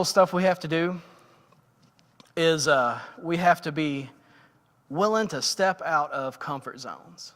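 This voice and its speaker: A man's voice: high-pitched, a bit bright. Chatty man preaching in a reverberant church. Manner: conversational, self-deprecating, many fillers. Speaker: lay preacher. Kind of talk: casual sermon storytelling. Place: church sanctuary. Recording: church livestream with long hall reverb.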